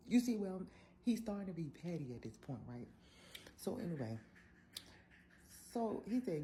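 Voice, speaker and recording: A young woman, telling an animated, sassy story in a casual vlog. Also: a bass voice, fairly quick, slight background noise. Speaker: vlogger.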